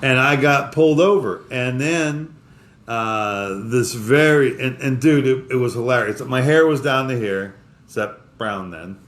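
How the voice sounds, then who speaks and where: A man of middle pitch co-hosts a casual podcast and tells a long story. He rambles, stops and restarts often, and lets his sentences trail off. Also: a bit bright. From Florida. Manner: rambling, halting with many restarts. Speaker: podcast co-host.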